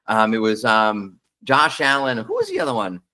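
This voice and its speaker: Bright-voiced blunt man giving commentary. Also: on the low side, huge pitch swings, moderate pace. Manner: blunt, opinionated, talks off the cuff with fillers. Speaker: marketing commentator. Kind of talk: casual solo commentary.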